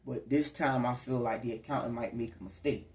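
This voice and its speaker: This tarot reader is a man with a mid-range, darkish voice, fairly even intonation, and a fairly quick pace. Speaking to camera in an echoey room, he delivers a casual spiritual reading that rambles along conversationally, now and then breaking into acted quotes.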